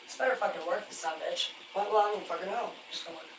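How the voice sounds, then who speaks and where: A man spins loose, profanity-laced stories of hard work at sea on a live stream. His voice sits back from the mic in a roomy, echoing space. Steady noise runs underneath. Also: high-pitched, quick pace. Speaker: livestreamer, former commercial fisherman. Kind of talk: rambling live-stream storytelling. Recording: echoey, distant, noisy room.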